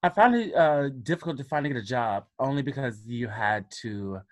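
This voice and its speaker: A man's voice: mid-range voice, lively intonation, a little fast, no echo. A man from Alabama with a light Southern accent, a podcast guest talking in a reflective, casual way with frequent restarts. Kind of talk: casual conversation.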